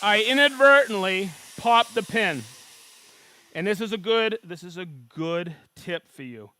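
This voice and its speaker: A man giving a live woodworking tool demonstration, excitable and folksy, often checking in with "okay?" and calling out greetings to viewers. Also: sits high, a little slow.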